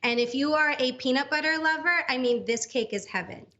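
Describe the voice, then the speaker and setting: A woman co-founder being interviewed on a talk show, upbeat and pitching her business in short punchy lines, heard over a dull remote video-call audio feed. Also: a little fast, sharp tone. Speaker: company co-founder guest.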